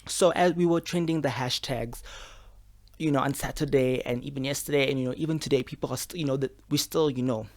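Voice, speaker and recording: A young man, talking casually to camera at home. He is expressive and frustrated, and he uses lots of fillers. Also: medium pitch, a little fast. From South Africa. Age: 20s. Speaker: medical student vlogger. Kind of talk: casual vlog monologue. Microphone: camera with a mic.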